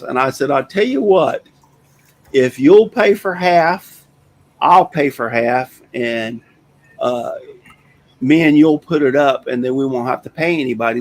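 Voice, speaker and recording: An older man in his sixties with a gravelly, creaky voice that sits at an ordinary pitch. He hosts a casual talk show and tells a rambling, folksy story in a plainspoken way. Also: poor audio. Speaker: host.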